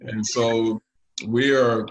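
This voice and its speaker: A man preaching a sermon to his congregation, often pausing with fillers. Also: mid-range voice, level tone, rough recording. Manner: leads the congregation in call and response; halting, with frequent pauses and fillers. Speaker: pastor.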